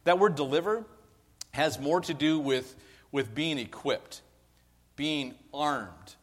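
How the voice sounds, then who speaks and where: Male pastor, fairly high voice, easygoing conversational sermon, long church reverb. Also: slow. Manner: conversational preaching with fillers and restarts.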